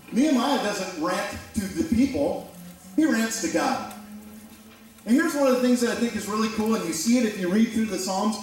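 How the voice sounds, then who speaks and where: A pastor with a high-pitched, animated voice preaches a sermon at normal speed in a church sanctuary, speaking conversationally and acting out quoted voices. The mic is distant, so the church sounds very echoey.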